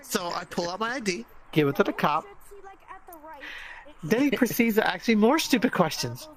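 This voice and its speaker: A man's voice: high voice, normal speed. Wry, sarcastic man telling a story. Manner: wry and sarcastic, with deadpan asides. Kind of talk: casual anecdote telling.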